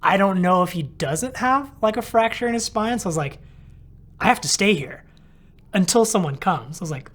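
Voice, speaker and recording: This man, a physical therapist, spins a loose, rambling anecdote full of "like," voicing his own thoughts as he goes. He sounds high-pitched, animated and fairly bright, at a moderate pace.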